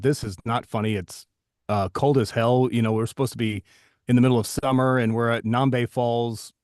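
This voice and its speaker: A man's voice: mid-range voice, dry recording, studio quality. A man hosting a live stream, telling rambling anecdotes full of restarts and self-deprecating asides. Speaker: host. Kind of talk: casual storytelling on a live stream.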